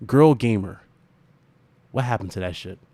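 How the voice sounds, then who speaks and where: A man hosting a gaming livestream, ranting and laughing in animated, profane casual chat. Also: on the low side, measured pace.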